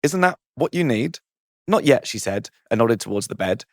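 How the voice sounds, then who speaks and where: A man's voice: medium pitch, very animated, normal speed, dry recording, studio quality. A man, a comedian, reading out his saucy comic story with a playful manner, often laughing at his own jokes.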